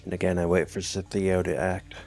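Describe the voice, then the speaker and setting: Deep-voiced man reading a text adventure. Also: flat delivery, fairly quick, creaky, darkish tone, soft background music. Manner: wry, amused asides. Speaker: gamer.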